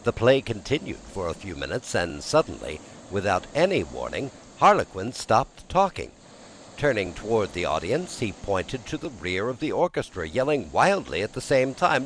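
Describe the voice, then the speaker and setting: A man narrating an audiobook in an expressive, lively storytelling manner. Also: lowish voice, normal speed, slight background noise, poor audio.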